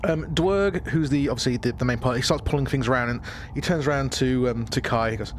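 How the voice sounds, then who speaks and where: A man's voice: mid-range voice, fast, slight background noise. Casual male game master. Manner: casual, rambling narration with fillers. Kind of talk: narrating a tabletop game.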